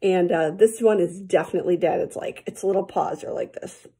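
A woman teacher chats to her students in a casual morning message and tells a rambling story full of fillers. Her voice sits low and sounds mellow. It has a slightly husky edge. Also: brisk.

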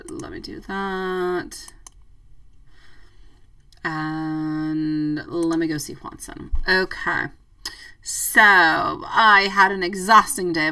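Reading comments during her live tarot broadcast, the woman laughs often and calls her viewers sweetie. Her medium-pitched voice is bright and forceful. The audio is poor and picked up from a distance.

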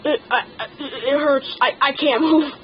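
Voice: sits high, a little slow, highs cut off, slight background noise. A teenage gaming channel host giving casual gameplay commentary, stammering and complaining that something hurts.

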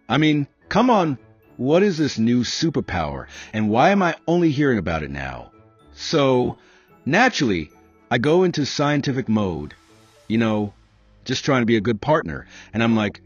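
Guy doing a wry self-mocking comedy bit, pitch jumps all over, kinda muffled audio. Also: big pitch swings, moderate pace, husky, faint music behind. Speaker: comedic storyteller. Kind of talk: scripted comedic monologue.

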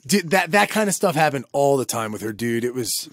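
A man co-hosting a casual podcast, telling rambling, animated stories with lots of restarts. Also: mid-range voice, fairly quick, no echo, clean studio sound. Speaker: podcast co-host. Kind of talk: casual chat.

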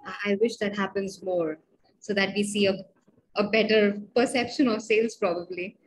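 A woman's voice: medium pitch, fairly even intonation, moderate pace, rough recording. A woman hosting a podcast, talking in a thoughtful, hesitant way with frequent restarts. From India. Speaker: podcast host. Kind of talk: conversational interview.

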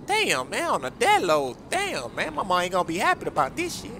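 A man's voice: sits high, wildly swooping pitch, fairly quick, pushed and bright, a little hiss or hum, exaggerated voice. A man voicing a brash, cocky young male rapper in a game role-play, swearing in street slang. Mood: complaining.

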